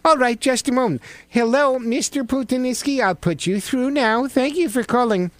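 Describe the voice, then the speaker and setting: A man's voice: very high voice, normal speed, no echo, voice pushed up. A man voicing a White House front-desk receptionist, overly polite and sing-song. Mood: chirpy.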